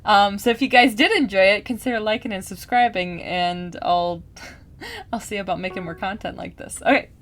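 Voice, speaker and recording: A woman vlogger in casual chat, rambling and animated, with many fillers and restarts while she plays a game. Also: medium pitch, normal speed. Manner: gaming while talking. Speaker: book vlogger.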